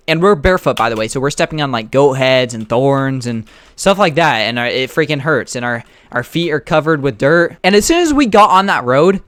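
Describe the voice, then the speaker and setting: A man's voice: a little high, a bit bright, no echo. A young man casually telling a rambling story while playing a game and reacting to it. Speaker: gaming storyteller. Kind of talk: casual storytime over gameplay.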